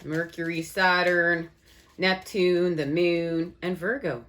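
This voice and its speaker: A woman's voice: fairly low pitch, steady tone, fairly bright tone. A woman giving an enthusiastic channeled astrology and tarot reading, talking straight to her viewers as "guys" and repeating her phrases. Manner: repetitive, rephrases lines in quick succession. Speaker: tarot reader.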